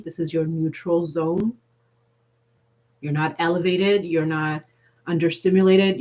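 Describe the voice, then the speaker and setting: Woman leading a guided meditation, lowish voice, calm and slow with some cheeky asides. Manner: gentle and unhurried, with playful, sassy asides. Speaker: workshop facilitator.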